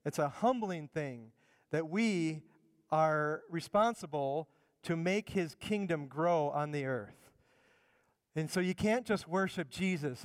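Middle-aged male pastor, conversational sermon delivery, smooth resonant voice slightly high for a man, long church reverb. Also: animated, slow. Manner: conversational preaching, repeats words while building points. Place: church sanctuary.

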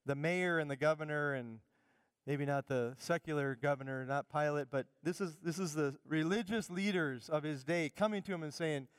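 A middle-aged male pastor preaches with fervent, emphatic conviction in a smooth, resonant voice that sits slightly high for a man. He is close and dry on the mic, with no room echo. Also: moderate pace. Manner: fervent, emphatic preaching that drops to quiet asides. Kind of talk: sermon.

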